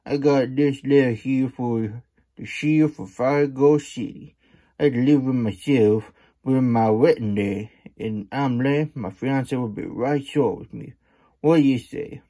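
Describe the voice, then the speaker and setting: A man voicing a fast-talking, smooth-tongued male coyote courier in a storybook reading, with wheedling, salesman-like folksy patter. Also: medium pitch, warm tone. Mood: pleading.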